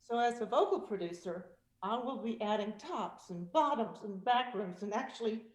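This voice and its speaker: A woman with a fairly high voice coaching singers over a video call, demonstrating exercises with quick sung snippets and easy laughter. Her voice rings in an echoey room. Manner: animated, demonstrative, laughs often, sings vocal exercises. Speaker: vocal coach and guest speaker. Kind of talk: vocal technique demonstration. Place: virtual meeting.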